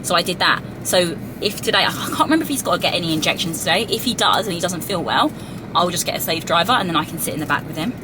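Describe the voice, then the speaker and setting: A woman's voice: on the low side, lively intonation, fast. A woman, vlogging candidly and chattily about her day as a new mum. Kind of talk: casual vlog chat. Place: car, then hospital hallways. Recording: noisy background.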